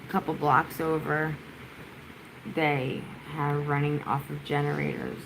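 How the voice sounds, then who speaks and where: A woman's voice: low voice, level tone, measured pace, vocal fry, background noise. A woman vlogger chatting casually on a livestream from her home during a storm, doting on her dog.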